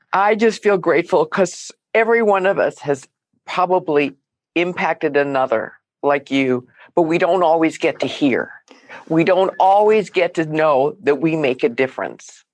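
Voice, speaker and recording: A woman author being interviewed over a video call, speaking in an emotional, expressive way. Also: low voice, no room sound. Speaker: guest author. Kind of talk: conversational interview.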